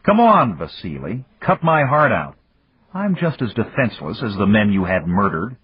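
A man voicing an older man who calmly taunts his armed foe, with a husky voice on a dull, dry recording. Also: on the low side, normal speed, dry recording, heavily acted. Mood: taunting. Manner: taunting, raised.

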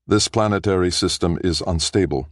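A man voicing a ship's master computer in an audiobook, with a flat, bland delivery. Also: low voice, moderate pace, no room sound, clean studio sound, lightly acted.

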